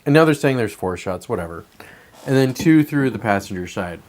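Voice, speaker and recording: A man's voice: on the low side, lively intonation, fairly quick, slight background noise. A man hosting a show, delivering a blunt, profanity-laced political commentary monologue. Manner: profane, emphatic ranting. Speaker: podcast host.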